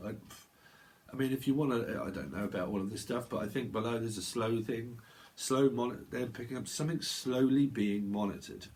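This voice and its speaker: A man's voice: medium pitch, lively intonation, fast talker. A man with a British accent giving a psychic tarot reading, rambling and free-associating, often trailing off and correcting himself. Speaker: tarot reader.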